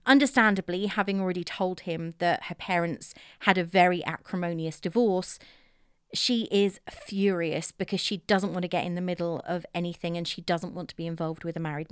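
Woman, film recap host; chatty, opinionated, smooth lower voice. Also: no echo, studio quality. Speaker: film reviewer.

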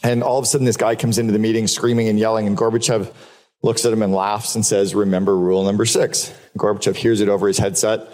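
Speaking fast in a fairly low, slightly mellow voice with little pitch movement, a keynote speaker gives a frank business talk peppered with swearing. He tells stories to a live crowd and hammers points through repetition, all in a long, reverberant hall.

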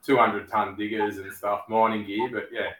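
A man's voice: on the low side, little pitch movement, moderate pace, fairly bright tone, far from the mic, slight background noise. A middle-aged man with an Australian accent, a guest talking easily and plainly in a casual chat. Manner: easygoing, plain-spoken. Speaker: guest, former footballer. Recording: roomy echo.

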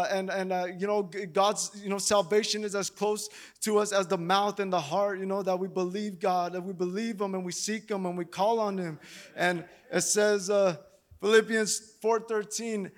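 A man's voice: high voice, steady tone, moderate pace. A man preaching a sermon, talking with many repeated restarts and growing emotional and pleading. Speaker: lay preacher.

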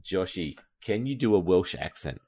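Deep-voiced laid-back man. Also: sing-song, moderate pace, creaky, dark tone, husky. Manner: laid-back, joking, runs the segments. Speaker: podcast host. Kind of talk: casual podcast chat.

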